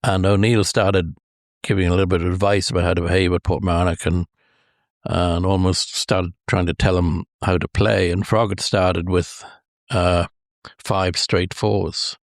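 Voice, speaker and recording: A man's voice: sits low, little pitch movement, a little slow, no room sound, studio quality. An older Irish man telling anecdotes in an interview, rambling with many hesitations and chuckling at his own stories. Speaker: golf historian guest.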